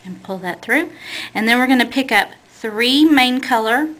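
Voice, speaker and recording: Bright-voiced woman teaching beadwork. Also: a little high, expressive, moderate pace, poor audio. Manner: patient, plain, self-correcting while working with her hands. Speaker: beading instructor. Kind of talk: step-by-step craft tutorial.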